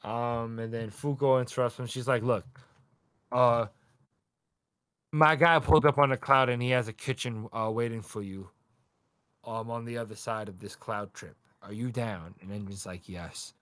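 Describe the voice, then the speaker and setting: Podcast co-host guy, dry close mic, animated recap with swearing, mid pitch. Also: clean tone, dry recording. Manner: animated, swearing, acting out characters in quick voices. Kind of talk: casual chat recapping a manga chapter.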